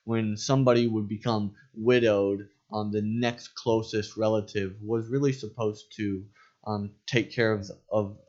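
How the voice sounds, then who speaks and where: A low-voiced man talks through scripture in a loose, rambling way, full of "um"s and restarts. The recording is dull and lo-fi, and it sounds like a relaxed chat between co-hosts. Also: unhurried. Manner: rambling, with many fillers and restarts. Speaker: podcast co-host. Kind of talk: casual Bible study chat.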